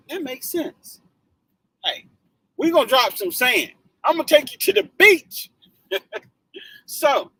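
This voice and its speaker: A man hosting a motivational live stream in casual chat, animated and joking, laughing often. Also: very high-pitched, gravelly, low-quality recording.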